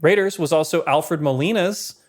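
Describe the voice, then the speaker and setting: A man co-hosting a podcast, briskly running through film production trivia with dry asides. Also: a little high. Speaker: podcast co-host. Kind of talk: casual film-history chat.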